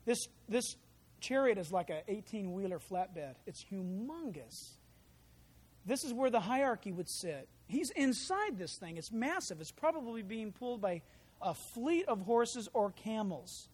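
A man preaching a sermon in an animated, conversational way, full of asides and rhetorical questions. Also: high-pitched, unhurried, husky. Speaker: pastor.

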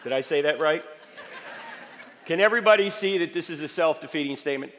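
A man giving an emphatic, lively lecture to a live audience, quizzing them with rhetorical questions, his voice slightly failing. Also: fairly high pitch, quick pace, a faint crowd. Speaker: speaker addressing a live audience. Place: large hall with audience. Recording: echoey hall reverb.

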